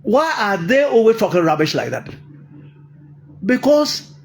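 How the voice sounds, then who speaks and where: Very high-voiced older Ghanaian man. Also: sing-song, measured pace, a little hiss or hum. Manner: emphatic, repeats lines, laughs often. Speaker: political commentator. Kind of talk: impassioned political monologue.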